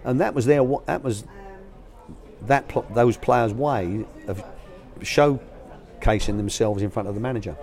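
A man's voice: mid-range voice, measured pace, darkish tone. An older man, a guest telling anecdotes about coaching young players in a casual, colloquial way. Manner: anecdotal, colloquial, acts out quoted voices. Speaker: guest, former youth academy manager. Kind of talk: storytelling interview answers.

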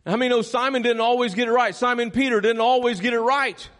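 A man preaching a sermon as pastor, calling on the congregation to repeat lines after him and drawing key phrases out slowly for emphasis. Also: extremely high pitch, fairly even intonation, fairly bright tone. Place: church sanctuary. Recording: long reverb of a large hall.

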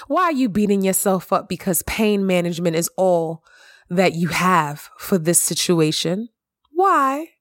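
A woman hosting a heartfelt solo podcast monologue at home. She speaks with passion and stresses her words, repeating her phrases and climbing high when she reassures herself. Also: no room sound, studio quality. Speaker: podcast host. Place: at home in the evening.

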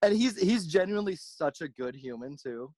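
A man telling stories in a casual chat, rambling and animated, often acting out the voices of people he quotes. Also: fairly high pitch, moderate pace, dry recording. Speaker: podcast host, merch company owner.

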